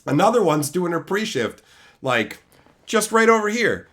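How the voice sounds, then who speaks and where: A man's voice: high voice, unhurried. A man hosting a stream, casually ranting and telling profane stories about old jobs. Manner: profane, animated, mimics coworkers in quotes. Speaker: streamer host. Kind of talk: casual storytelling rant.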